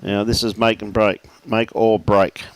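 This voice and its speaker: A man's voice: fairly low pitch, flat delivery, a little slow, no room sound. A man commentating live lawn bowls, chatty and jokey, reeling off scores and bantering with his co-host. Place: bowls club.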